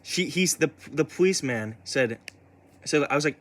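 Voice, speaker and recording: A man's voice: fairly high pitch, lively intonation, normal speed, fairly bright tone. A young man telling a personal story in a casual way. He stumbles, restarts and repeats himself often, swears, and sounds upset. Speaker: vlogger.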